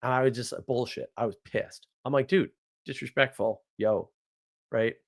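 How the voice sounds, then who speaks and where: Male host, 40s, from the US; rambling sarcastic monologue, mid-pitched, animated storytelling. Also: moderate pace, gravelly. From United States. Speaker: podcast host.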